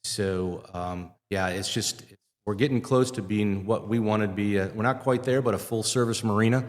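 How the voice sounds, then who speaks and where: A middle-aged marina owner from Wisconsin talks in a casual interview at a live show in a fishing center, full of fillers and restarts. His voice is lowish and moderately paced, and the large venue gives a long reverb.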